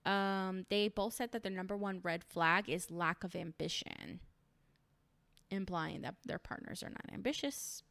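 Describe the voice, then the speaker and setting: A woman with a smooth, clean voice gives a casual recap of a reality show. She chats on with opinions and many fillers. The sound is dry and close, with no room echo. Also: medium pitch, unhurried, a bit bright. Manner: chatty and opinionated, lots of "like" and "um".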